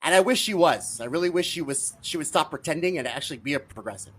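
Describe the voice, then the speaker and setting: A man's voice: a little high, animated, quick pace, a bit bright, slightly rough. A man appearing as a guest on a podcast, teasing the host and arguing political points in casual chat. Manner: teasing, argumentative.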